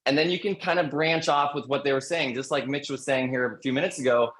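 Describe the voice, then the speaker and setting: A man who is a real estate agent, presenting call scripts on a panel webinar in an energetic coaching manner, repeating his key points. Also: medium pitch, fast talker, low-quality recording.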